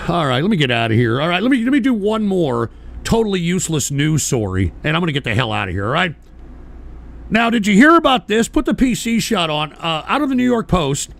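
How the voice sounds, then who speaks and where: Gravelly, profane ranting male host. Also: high voice, very animated, a little fast. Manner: profane, angry, shouting bursts. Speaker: radio show host. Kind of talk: ranting monologue.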